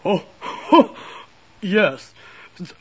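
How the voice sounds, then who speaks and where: A woman's voice: mid-range voice, big pitch swings, extremely slow, slightly rough, dull audio, full character voice. A woman doing a dazed, forgetful old Santa. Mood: puzzled. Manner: puzzled, hesitant.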